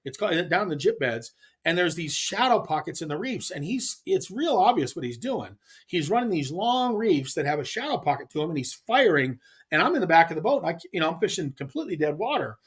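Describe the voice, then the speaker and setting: A middle-aged man from California, a podcast guest telling a fishing story in a casual, animated way with frequent restarts. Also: on the high side, fairly quick, breathy edge. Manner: animated, acts out others' lines, frequent restarts. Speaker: podcast guest, pro angler.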